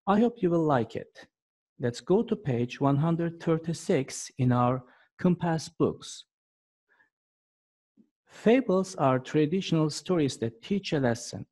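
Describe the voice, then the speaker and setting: A man's voice: fairly high pitch, a little mellow. A male English teacher, patiently explaining a fable word by word. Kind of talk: classroom lesson.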